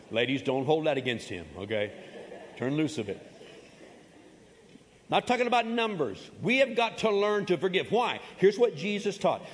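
A man's voice: fairly high pitch, big pitch swings, unhurried, long pauses. A man preaching a sermon as pastor, emphatic and folksy, repeating his key phrases and adding humorous asides. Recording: long reverb of a large hall.

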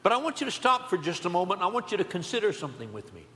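A man preaching a sermon in a church, building to loud emphatic calls and dropping to soft low asides. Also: big pitch swings, racing, roomy sound, big-room sound. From Southern California. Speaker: pastor. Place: church building on a Sunday morning.

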